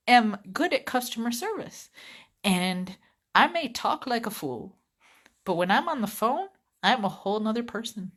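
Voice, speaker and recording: A woman's voice: mid-range voice, lively intonation, moderate pace. A woman giving a chatty, rambling vlog rant about her customer service job. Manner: chatty, rambling, easily sidetracked. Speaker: vlogger, customer service rep.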